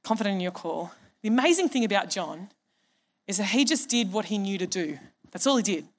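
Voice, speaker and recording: A woman's voice: mid-range voice, sing-song, brisk. A middle-aged woman pastor, preaching a conversational, humorous sermon and acting out the people in her stories. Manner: conversational and humorous, acts out quoted voices.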